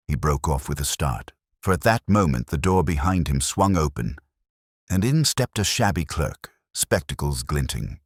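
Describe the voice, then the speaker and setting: A man narrating a detective story in a measured, dramatic storytelling manner. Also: very deep voice, lively intonation, husky, no room sound, clean studio sound. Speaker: audiobook narrator. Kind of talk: scripted narration.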